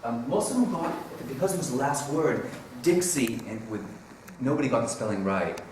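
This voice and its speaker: A man's voice: mid-range voice, lively intonation, moderate pace, a little mellow. A man presenting at a teaching conference in a casual, rambling way, often correcting himself. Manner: rambling, self-correcting, chuckling. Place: conference room. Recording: roomy, distant mic with faint hiss.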